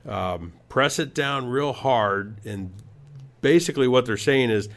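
A man's voice: mid-range voice, a little slow. A man hosting a home improvement talk show, giving tips in a casual, rambling way with many fillers and restarts. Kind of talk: casual radio-style talk.

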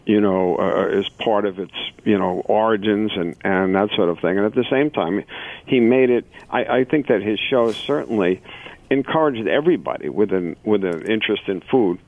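Low-voiced man on a dry, tinny phone line, halting talk with restarts. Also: no echo. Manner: halting, repeats words, then warm praise. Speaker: phone-in guest. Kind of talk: casual chat.

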